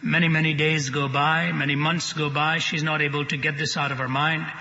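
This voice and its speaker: A man's voice: fairly high pitch, little pitch movement, brisk, sharp tone. A man preaching to an audience, telling a story with dramatic, humorous flair. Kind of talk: sermon storytelling. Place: large hall with audience. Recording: dull broadcast with long hall reverb.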